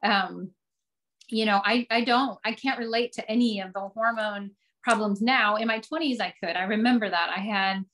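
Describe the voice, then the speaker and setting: A woman in her forties hosting an online class, talking earnestly and warmly with frequent restarts. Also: mid-range voice, moderate pace. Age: 40s. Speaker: host. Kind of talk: casual class chat.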